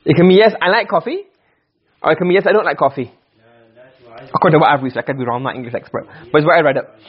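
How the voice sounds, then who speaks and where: Husky-voiced man teaching a class. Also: on the high side, racing, muffled recording. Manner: explains step by step, quizzes the class with questions. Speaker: Arabic grammar teacher. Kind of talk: classroom lecture.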